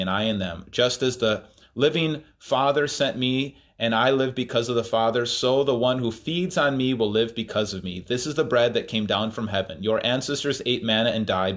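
A man preaching a sermon in a voice of ordinary middle pitch. He reads scripture aloud, then pauses to explain it in a thoughtful, searching way. His talk is full of ums and self-corrections. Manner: thoughtful, many fillers and restarts.

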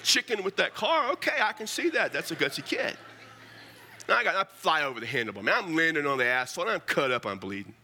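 A man's voice: on the high side, big pitch swings, brisk, pushed and bright, a little hiss or hum. A middle-aged man preaching a storytelling sermon, folksy and humorous, often calling his listeners "man".

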